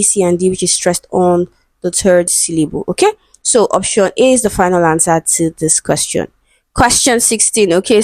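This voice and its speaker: A woman's voice: medium pitch, darkish tone, dry recording. Patient woman tutoring English pronunciation. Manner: patient, repeats and spells out words, checks in with "okay" and "right?". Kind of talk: exam-prep lesson.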